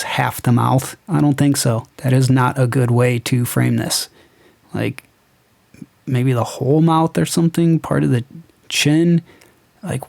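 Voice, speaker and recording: A man's voice: medium pitch, gravelly, darkish tone. A young man giving a casual, sarcastic review, incredulous and swearing as he picks apart what he is reading. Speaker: comic book reviewer. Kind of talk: casual ranting review commentary.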